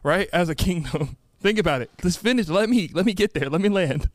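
A man's voice: high-pitched, expressive, fairly quick, no room sound, studio quality. A young man hosting a podcast, talking in a goofy, rambling way with lots of laughs. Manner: rambling, goofy, laughs often, sing-song asides. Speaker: podcast host. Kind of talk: casual chat.

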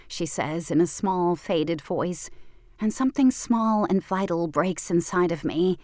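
A woman reads first-person fiction in a measured, intimate voice, with a quiet tension running under it. Her voice sits on the low side. She is close on a studio microphone, and the sound is dry with no room echo. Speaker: audiobook narrator.

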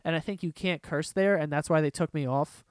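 A man's voice: fairly high pitch, steady tone, a little fast, clear, resonant tone, dry recording. A man hosting a casual solo podcast, ranting in a profane, rambling way from a room at home. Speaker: podcast host.

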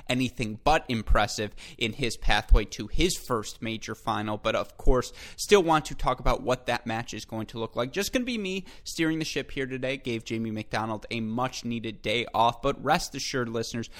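A man's voice: medium pitch, normal speed, hardly any pauses, a bit bright. Chatty, upbeat male podcast host. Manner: enthusiastic, chatty, addresses listeners as folks; frequent self-corrections and filler. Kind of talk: solo tennis podcast commentary.

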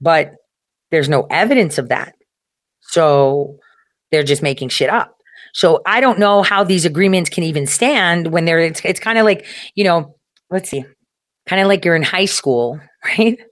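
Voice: mid-range voice, animated, unhurried, a bit bright, no echo, studio quality. A host of a commentary show talking in a casual, rambling monologue, with many filler words, some swearing and frequent chuckles.

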